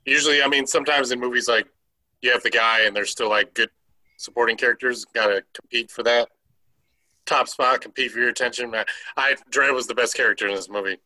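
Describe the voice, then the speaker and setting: A man's voice: medium pitch, pushed and bright, poor audio. A man co-hosting a podcast, chatting casually and hammering his points home by repeating them. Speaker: podcast co-host reviewing a movie. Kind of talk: casual chat.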